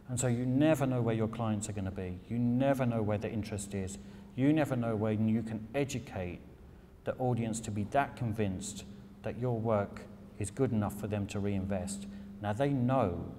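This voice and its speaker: A man's voice: lowish voice, mellow. Irreverent British man in a big echoey hall. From England. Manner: candid and irreverent, swears casually. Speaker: silversmith giving a talk. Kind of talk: lecture talk with slides. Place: lecture hall. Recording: long hall reverb, faint noise.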